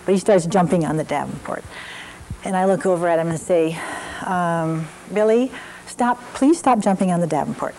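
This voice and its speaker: Older female instructor, story-driven class talk, low and mellow, some faint noise. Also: normal speed, rough recording. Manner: warm storytelling with examples, frequent fillers. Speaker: parenting class teacher. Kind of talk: evening parenting class talk.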